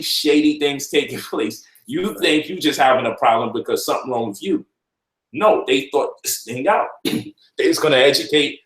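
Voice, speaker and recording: A man's voice: lowish voice, reverberant, poor audio. A man giving an informal finance lecture to online viewers, emphatic and repetitive, often checking in with the listener. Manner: emphatic, repeats points, asks "you feel me?".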